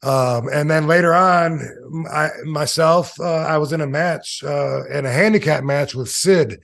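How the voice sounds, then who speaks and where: A man's voice: fairly high pitch, unhurried, gravelly, fairly bright tone. A man in his fifties, an interview guest and former wrestler, telling long casual stories with many fillers and acting out the voices of people he quotes. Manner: rambling anecdotes with many fillers.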